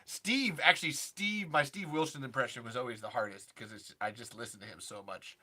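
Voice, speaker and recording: A man's voice: medium pitch, fairly quick, pushed and bright, slight background noise. A man, a comedian and impressionist, chatting on a podcast in a rambling, self-deprecating way with many restarts. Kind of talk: casual podcast chat.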